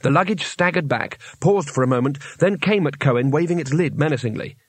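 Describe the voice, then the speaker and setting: A man narrating a fantasy novel audiobook in an even storytelling manner. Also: fairly high pitch, a little fast, husky, no echo. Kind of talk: scripted narration.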